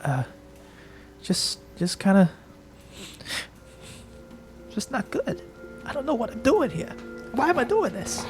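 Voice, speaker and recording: A man voicing a small male crime boss who cannot stop crying, in a quavering high soft voice. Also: very animated, takes it slowly, long pauses, soft background music. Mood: tearful.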